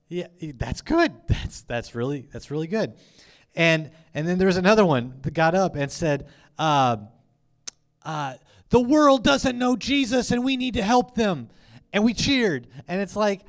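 A young man preaching a lively, conversational sermon, acting out quoted lines with many fillers. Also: on the high side, clear, resonant tone. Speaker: youth pastor.

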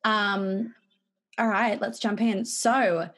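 A woman with an Australian accent, co-hosting a podcast in casual chat, breezy and quick with casual swearing. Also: mid-range voice, fairly even intonation, a bit bright. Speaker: podcast co-host.

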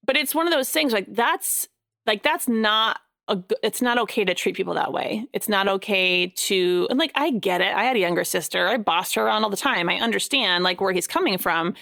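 A woman's voice: medium pitch, fairly quick, vocal fry. A woman in her thirties chatting casually, telling parenting stories and quoting herself to her kids. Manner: animated storytelling, quoting herself at length. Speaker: parent co-host. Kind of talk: casual chat.

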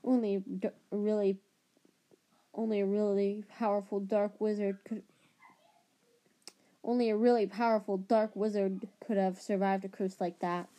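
A woman reading aloud as a suspicious, nervous schoolboy wizard who talks in a hushed, conspiratorial way. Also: medium pitch, level tone, measured pace, pauses often, close to an everyday voice.

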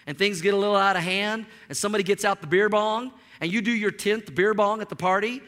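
A man's voice: high voice, steady tone, fast talker, pushed and bright, in a large hall. A male pastor preaching a sermon in a church, telling a personal story and acting out the dialogue. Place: church sanctuary.

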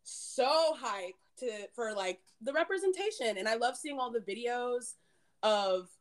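A woman's voice: fairly high pitch, lively intonation, a little slow. Giggly chatty woman in her late twenties. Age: 20s. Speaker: podcast co-host. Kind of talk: casual chat.

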